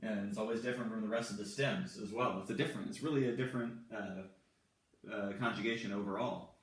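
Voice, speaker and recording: A male Spanish teacher walking through verb forms at a whiteboard, slowly and patiently repeating each one. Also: on the low side, fairly even intonation. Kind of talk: whiteboard grammar lesson. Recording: echoey room, mic far off.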